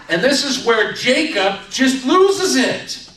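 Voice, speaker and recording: High bright guy preaching, acts out the quotes, echoey church, mic a bit far off. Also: wildly swooping pitch, slow pace. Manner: storytelling with acted-out quotes. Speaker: pastor. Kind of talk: sermon. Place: church sanctuary.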